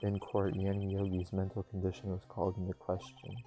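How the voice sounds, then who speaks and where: A man's voice: low voice, completely flat delivery, a little fast, mellow, soft background music. A young man casually reading game dialogue aloud with offhand asides, recorded on an earbud mic.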